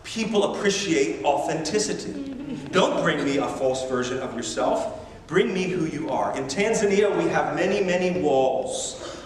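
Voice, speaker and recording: A man preaching a sermon as a missionary, animated and emphatic, with self-deprecating humor. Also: fairly high pitch, a little slow, hardly any pauses, far from the mic. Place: large church sanctuary. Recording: echoey church hall from afar.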